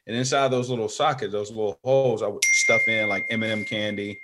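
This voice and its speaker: Middle-aged male guest, lower voice, animated storyteller who does voices for the people in his tale. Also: a little fast. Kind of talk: storytelling interview.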